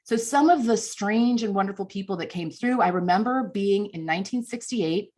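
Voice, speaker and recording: Brief: woman, 50s, coach on stage, chatty self-deprecating storyteller, middle pitch. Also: normal speed, darkish tone. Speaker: communications coach. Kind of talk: storytelling speech at a conference.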